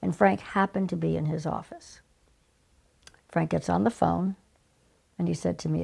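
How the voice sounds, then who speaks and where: An older woman telling stories as an interview guest, animated and conversational. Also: on the low side, moderate pace, vocal fry, pauses often, slightly rough. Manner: animated, conversational, acts out remembered exchanges. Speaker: guest, former casting director. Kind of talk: storytelling in conversation.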